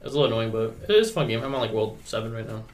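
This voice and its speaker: A man's voice: lowish voice, lively intonation, very fast, a little hiss or hum. A man co-hosting a podcast in casual chat, rambling with many fillers and restarts. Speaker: podcast co-host.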